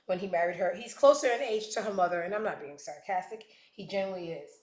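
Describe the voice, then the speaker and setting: Blunt, profane woman host, sarcastic commentary, middle pitch, recorded in a reverberant room. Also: fast, darkish tone. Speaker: show host. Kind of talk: casual commentary. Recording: echoey room.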